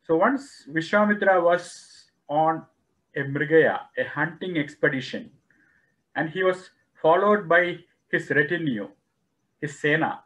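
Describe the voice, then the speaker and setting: Male lecturer, fairly high voice, slow deliberate delivery, explains scripture terms, tells stories, acts out the dialogue. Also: animated, fairly bright tone, dull audio. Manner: acts out quoted dialogue in the story. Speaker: lecturer on Vedic philosophy. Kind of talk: spiritual lecture, storytelling.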